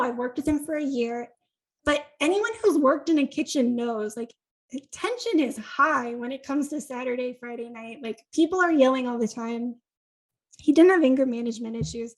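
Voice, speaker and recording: The recording is low quality, and the woman's voice sits high. She's from Connecticut, USA, and as a podcast guest she tells a story conversationally, sprinkling in "like," laughing quickly, and performing others' lines with animation.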